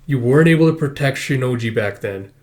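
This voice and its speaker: A man's voice: mid-range voice, animated, a little fast. Chatty man reading a comic aloud. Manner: chatty, lots of fillers. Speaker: comic read-through host. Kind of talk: casual reading and commentary.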